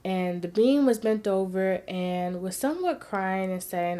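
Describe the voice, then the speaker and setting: A woman vlogger sharing a personal story in an earnest, heartfelt way. She moves between hushed and emphatic. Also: medium pitch, lively intonation, a little slow, few pauses.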